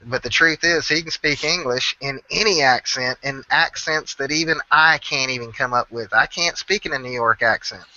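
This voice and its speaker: A man's voice: mid-range voice, normal speed, few pauses, bright, forceful tone, no room sound. A man with a Southern country accent, rambling in casual, heavily profane chat about a friend. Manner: rambling, profane, swears constantly. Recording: dull lo-fi audio.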